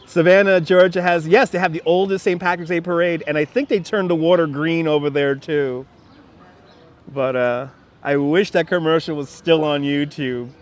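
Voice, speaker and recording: A man's voice: a little high, fairly even intonation, moderate pace. A man hosting a casual outdoor livestream from a city park, chatting in a rambling way and reading viewer comments aloud. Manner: chatty and rambling, with frequent laughs and restarts. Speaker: livestream host. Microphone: wireless clip-on mic. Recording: faint outdoor background noise. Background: faint city park ambience with birds.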